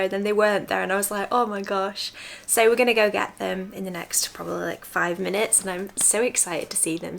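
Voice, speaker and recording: A woman's voice: mid-range voice, gravelly, fairly bright tone. A woman vlogger chatting casually to camera while coming down with a cold, often laughing between sentences. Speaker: lifestyle vlogger.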